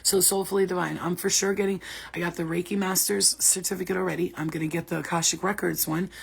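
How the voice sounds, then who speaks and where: A woman's voice: fairly low pitch, flat delivery, fast talker, creaky, a little hiss or hum. A woman, a spiritual healer, rambling and swearing freely in casual chat with her viewers.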